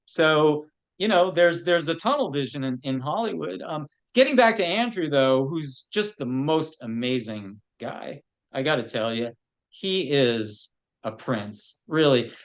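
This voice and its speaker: A man's voice: a little high, lively intonation, a little slow. A man who works as a film producer, a guest on a podcast, telling anecdotes in a loose way full of "you know". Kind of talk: casual interview chat.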